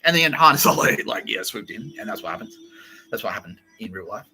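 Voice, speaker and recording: A man's voice: lowish voice, lively intonation, brisk, vocal fry, pushed and bright, slight background noise, rough recording. Rambling, profane man. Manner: rambling, profane, laughs a lot. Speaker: podcast host. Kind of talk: casual comedic monologue.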